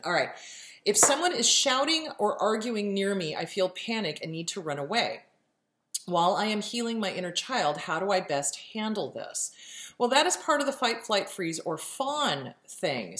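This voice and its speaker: A woman's voice: mid-range voice, fairly bright tone, roomy sound. A woman hosting a talk show and answering viewer questions about healing. She speaks emphatically, repeats key phrases, acts out inner voices and swears casually. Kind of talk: casual advice monologue.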